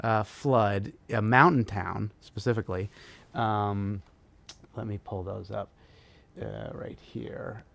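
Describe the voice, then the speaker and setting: A man's voice: on the low side, steady tone, slow pace, vocal fry, fairly bright tone. A man co-hosting a casual livestreamed podcast, who rambles, trails off and laughs often. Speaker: podcast co-host.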